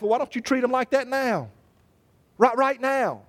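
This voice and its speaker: High-voiced preacher, animated. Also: male voice, normal speed. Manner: animated, stammering restarts, acts out quoted voices. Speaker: pastor. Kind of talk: sermon.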